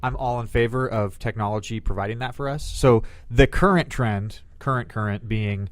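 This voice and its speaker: A man's voice: medium pitch, normal speed, dry recording. A man on a casual tech podcast, earnestly explaining his views. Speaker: podcast co-host. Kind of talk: casual group chat.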